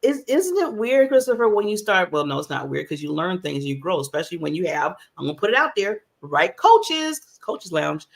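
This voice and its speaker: A woman's voice: fairly low pitch, big pitch swings, moderate pace, creaky, few pauses. Chatty woman host in her fifties. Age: 50s. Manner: laughs often, open and chatty. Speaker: talk show host. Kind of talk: casual interview chat.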